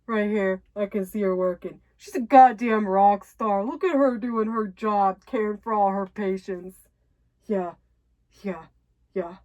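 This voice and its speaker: A woman voicing a young man who is secretly watching a woman on camera and talks to himself in a slow, admiring mutter. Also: medium pitch, a little mellow, natural voice.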